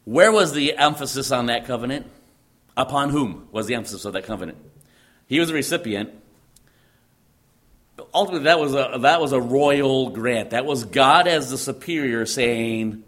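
A man's voice: mid-range voice, moderate pace, a bit bright. Emphatic preacher man teaching a sermon. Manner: emphatic, repeats phrases, quotes in a commanding voice.

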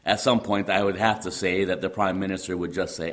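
Man, Midwestern accent, pastor, deep low voice, conversational sermon, halting with fillers, light humor. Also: steady tone, fairly bright tone, a little hiss or hum. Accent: Midwestern American.

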